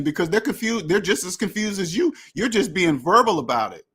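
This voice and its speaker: A man with a slightly higher-than-usual voice lecturing his viewers bluntly about money. He repeats himself, restarts his sentences and talks straight at the listener. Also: animated, fairly quick, hardly any pauses, fairly bright tone, husky. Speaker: finance channel host. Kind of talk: direct-to-camera rant.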